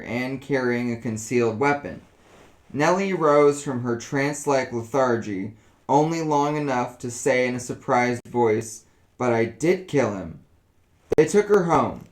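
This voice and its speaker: A man narrating a story aloud in a relaxed, casual reading voice. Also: medium pitch, poor audio.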